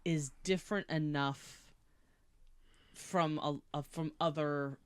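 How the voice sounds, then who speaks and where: Enthusiastic podcast co-host, mid pitch. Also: fairly even intonation, slow, smooth. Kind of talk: casual podcast chat.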